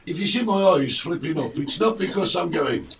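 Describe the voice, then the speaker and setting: Brief: male co-host, relaxed chat, high lively voice, slightly distant. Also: normal speed, creaky. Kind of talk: casual chat.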